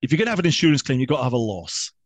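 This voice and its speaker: A man, a guest telling a history story in a lively, playful and emphatic way. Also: mid-range voice, very fast, no echo.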